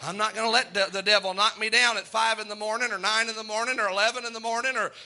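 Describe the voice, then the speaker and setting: A male pastor preaching with a very high, strikingly bright and sharp voice. He moves between fervent, emphatic exhortation and folksy, self-deprecating storytelling. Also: steady tone, fast. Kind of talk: sermon.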